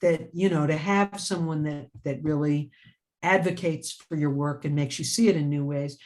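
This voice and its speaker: Energetic woman telling a story in a relaxed interview. She rambles warmly from one thought to the next, breaks off to laugh, and restarts her sentences as ideas come. Her speech sounds lively and unscripted. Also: low voice, normal speed. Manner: laughs often and restarts phrases. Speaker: author and writing teacher. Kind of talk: casual interview chat.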